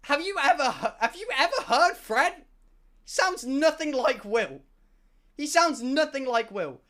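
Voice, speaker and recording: A young British man on a livestream, telling a story in an excitable, self-mocking way, with plenty of swearing. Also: extremely high pitch, unhurried. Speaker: streamer. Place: home streaming room.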